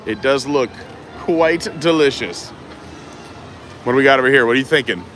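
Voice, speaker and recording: A man's voice: medium pitch, moderate pace, a bit bright, a little hiss or hum. A man live-streaming a walk through a theme park festival, chatting casually and reading menu boards aloud. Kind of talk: casual walking commentary.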